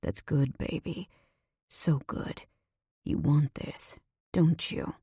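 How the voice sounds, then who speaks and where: A woman voicing a commanding man with a slight Albanian accent, hushed and low. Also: slow pace, slightly rough, no room sound, studio quality, heavily acted. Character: commanding man, deep warm but threatening voice.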